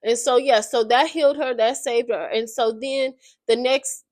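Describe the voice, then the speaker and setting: Brief: woman creator, casual slangy book recap, highish voice, dry close sound. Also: moderate pace, no room sound. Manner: slangy, animated retelling. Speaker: video creator.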